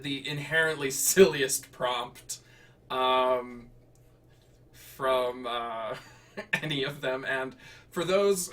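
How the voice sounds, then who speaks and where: A man's voice: medium pitch, fairly bright tone, recorded from a distance. A man streaming himself writing and reading flash fiction in a casual way, laughing and correcting himself with rambling asides.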